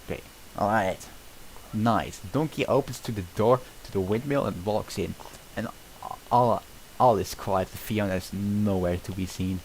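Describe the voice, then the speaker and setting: A man's voice: on the low side, measured pace, darkish tone, slight background noise, rough recording. A man streaming, casually chatting and reading script narration aloud in a loose, offhand way. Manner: loose and offhand, with filler words.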